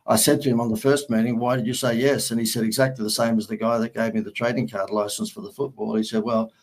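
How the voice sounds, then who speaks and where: A middle-aged Australian man, a marketing agency founder, telling lively anecdotes as an interview guest, acting out the dialogue and laughing as he goes. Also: mid-range voice, quick pace, rough recording. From Sydney, Australia. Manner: animated storyteller who acts out quoted dialogue and laughs at his own anecdotes. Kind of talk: storytelling in an interview.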